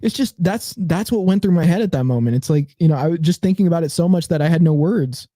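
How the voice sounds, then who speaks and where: A man with a fairly high, mellow voice talks quickly on a podcast, rambling with fillers and then pressing his co-host again and again. His delivery is loose and playful. The recording is dry and close. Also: dry recording. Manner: rambling, hesitant, playfully insistent. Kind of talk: casual podcast banter.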